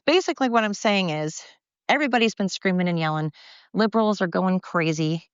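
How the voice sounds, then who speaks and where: Low-voiced woman host, blunt fired-up solo rant, lo-fi phone sound in a dead room. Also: smooth, no room sound. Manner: blunt, fired-up ranting with profanity and self-mocking asides. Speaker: podcast host.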